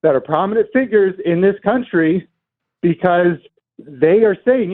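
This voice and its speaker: A man's voice: high-pitched, lively intonation, measured pace. A man calling into a radio show, earnest and aggrieved, with hesitant fillers. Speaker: radio caller. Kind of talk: call-in radio. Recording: tinny phone line.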